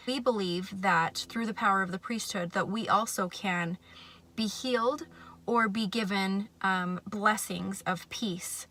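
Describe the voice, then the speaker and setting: A woman telling a personal faith story to camera, earnest and reflective, sometimes soft and hushed. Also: medium pitch. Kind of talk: personal testimony.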